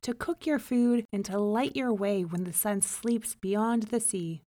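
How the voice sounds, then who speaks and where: A woman voicing a solemn male fish spirit in a storybook reading, speaking in slow, grave pronouncements. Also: mid-range voice, dark tone, lightly acted. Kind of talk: storybook narration.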